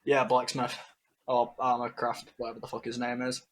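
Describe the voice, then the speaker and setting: A man's voice: medium pitch, monotone, normal speed, a bit bright. A man playing a tabletop game, joking and swearing casually. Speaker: player. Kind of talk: casual tabletop role-play.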